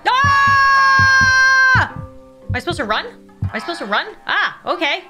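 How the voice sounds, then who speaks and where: A woman's voice: high-pitched, expressive, fairly quick, loud music behind the voice. A woman YouTuber giving jumpy, nervous commentary while playing a horror game, often shrieking and laughing and repeating panicked exclamations. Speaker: gaming YouTuber.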